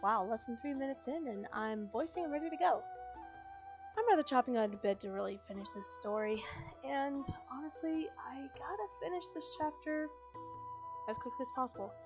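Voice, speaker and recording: A woman streamer chatting casually before reading a book aloud, her voice slightly croaky, talking in a chatty, rambling, upbeat way. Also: high-pitched, fairly quick. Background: fantasy music playing faintly.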